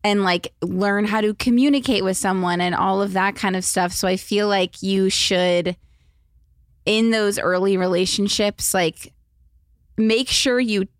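A woman's voice: medium pitch, fairly even intonation, measured pace, no echo, clean studio sound. A young woman hosting a podcast, giving casual advice in a chatty way with lots of fillers. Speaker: podcast host.

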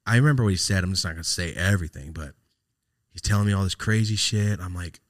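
A man's voice: sits low, fast talker. A man, casually telling a story as a podcast host, rambling and profane with lots of "like". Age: late 20s.

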